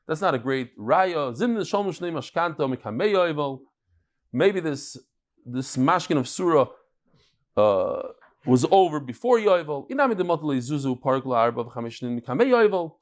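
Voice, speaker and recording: A man's voice: a little high, sing-song, moderate pace. A man giving a daily Talmud lecture, walking through cases with rhetorical questions and everyday examples. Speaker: Talmud teacher.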